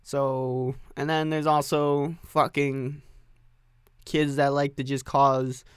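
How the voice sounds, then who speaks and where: A man's voice: mid-range voice, level tone, takes it slowly, clear, resonant tone, dry recording, studio quality. Profane rambling young man podcasting solo. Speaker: podcast host. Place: home music recording setup.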